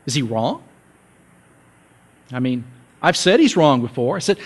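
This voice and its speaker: A male pastor giving a relaxed, conversational sermon, joking with his congregation and repeating his key points. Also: mid-range voice, unhurried. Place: church sanctuary.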